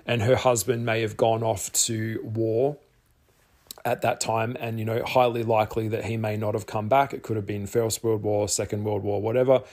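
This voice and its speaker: Aussie guy rambling on earnestly to camera, lower voice, says stuff twice for punch. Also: flat delivery, normal speed, darkish tone. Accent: Australian. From Australia. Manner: earnest, rambling, repeats phrases for emphasis. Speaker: tarot artist and vlogger. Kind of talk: candid monologue to camera.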